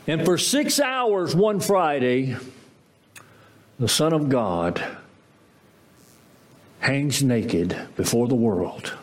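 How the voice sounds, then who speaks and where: A man preaching a sermon as pastor, emphatic, with dramatic swings in pitch. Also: lively intonation, slow pace, pauses often.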